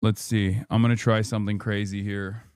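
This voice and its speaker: Man, livestream host, frustrated, profane, talking through tech trouble, clear voice. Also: on the low side, little pitch movement, normal speed, darkish tone, dry recording, clean studio sound. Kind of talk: live stream chat with viewers.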